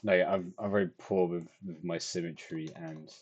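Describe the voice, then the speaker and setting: A man's voice: low-pitched, fairly even intonation, normal speed, a little mellow, slightly rough, highs cut off. A tired young man, rambling and self-deprecating as he talks through his drawing in a casual video diary. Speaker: vlogger.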